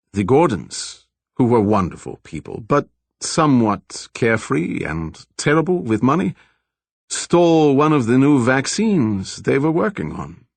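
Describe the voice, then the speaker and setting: Man playing a scientist with a slight foreign accent, measured, explanatory, lively rise and fall, dry close audiobook sound. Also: mid-range voice, no room sound. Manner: measured, explanatory, politely evasive. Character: middle-aged male lab director, soft-spoken, lecturing, with a slight foreign accent. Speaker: laboratory scientist.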